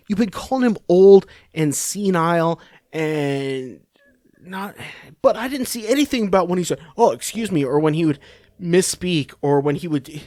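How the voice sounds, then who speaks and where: A man's voice: high-pitched, lively intonation, normal speed, a little mellow, no echo, studio quality. A man hosting a podcast, giving rambling, sarcastic political commentary full of swearing and restarts. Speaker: podcast host.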